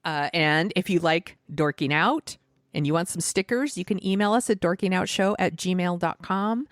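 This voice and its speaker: A woman's voice: on the low side, moderate pace, dry recording, clean studio sound. A woman co-hosting a podcast, wrapping up with upbeat show plugs in a casual chat. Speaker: podcast co-host.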